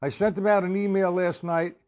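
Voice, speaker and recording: A man's voice: sits high, level tone, a little fast, a little mellow. A man teaching drums on a live stream, chatting casually and counting beats aloud. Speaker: drum teacher. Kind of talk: live-streamed drum lesson.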